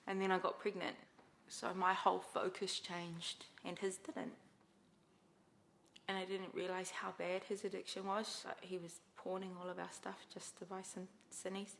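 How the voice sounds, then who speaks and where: A woman's voice: mid-range voice, fairly bright tone. A young woman with a New Zealand accent, telling her personal story candidly in a documentary interview.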